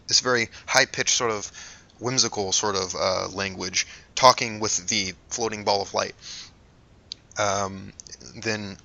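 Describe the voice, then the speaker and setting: A man narrating as game master of a tabletop game, halting and hesitant, with frequent fillers. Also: fairly low pitch, creaky, sharp tone, muffled recording.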